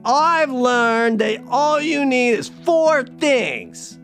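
A man's voice: extremely high pitch, big pitch swings, very slow, fairly bright tone, faint music behind, pitched above the performer's own voice, full character voice. A man voicing a blunt know-it-all with a put-on East Coast accent, lecturing emphatically.

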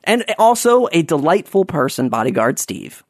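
A man's voice: a little high, sing-song, normal speed, dry recording, clean studio sound. A man casually telling an anecdote, rambling with lots of fillers and restarts.

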